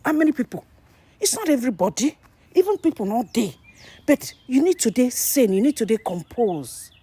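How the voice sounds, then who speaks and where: A Nigerian woman gives animated vlog commentary to her viewers. Her voice is warm and a little breathy. The sound is dry and close. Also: high voice, fairly quick, no room sound. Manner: animated, mixes Nigerian Pidgin and English. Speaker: vlogger. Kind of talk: casual commentary to camera.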